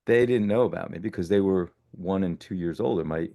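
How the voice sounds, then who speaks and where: Deep gravelly man in his sixties. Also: brisk. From born in Italy, raised in the United States. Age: 60s. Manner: animated, self-correcting storyteller. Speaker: podcast guest. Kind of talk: casual storytelling interview.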